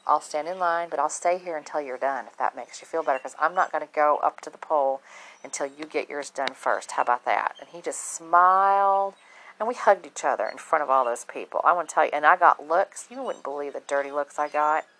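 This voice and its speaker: Lady vlogging, deep voice, blunt and outspoken, swears a lot. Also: a little fast, fairly bright tone, rough recording. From southern United States. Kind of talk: casual monologue to camera.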